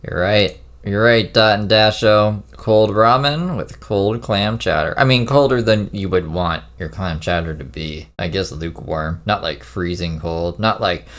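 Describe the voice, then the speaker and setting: A very deep-voiced man from Canada commenting on a clip he is watching. He keeps his remarks dry and sarcastic. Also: unhurried, hardly any pauses, fairly bright tone. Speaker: streamer reacting to a clip. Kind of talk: reaction commentary.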